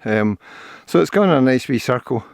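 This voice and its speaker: A man's voice: medium pitch, lively intonation, normal speed, gravelly, no echo, clean studio sound. Chatty older Scottish man outdoors. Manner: chatty, rambling, cheerful about scenery. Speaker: vlogger. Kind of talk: casual walking and running commentary. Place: outdoor forest trail.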